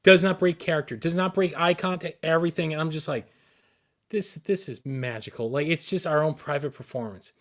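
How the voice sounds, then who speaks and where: A man co-hosting a podcast, recounting a story in an eager, rambling way. He trips over his words and restarts often. His voice sits a touch higher than most men's. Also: fairly even intonation, fast talker, hardly any pauses, fairly bright tone. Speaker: podcast co-host.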